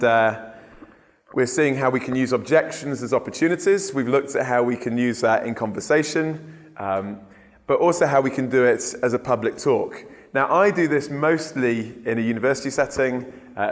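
Casting: male trainer, easygoing and conversational, average pitch, recorded in a reverberant hall. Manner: relaxed, unhurried, filler-laden. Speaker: evangelism trainer.

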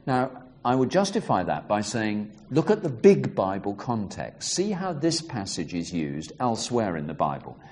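A man with a fairly low voice gives a teaching talk on reading scripture. He explains in a measured, deliberate way, and his pitch moves a lot as he reads passages aloud with emphasis. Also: very animated, darkish tone. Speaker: Bible teacher.

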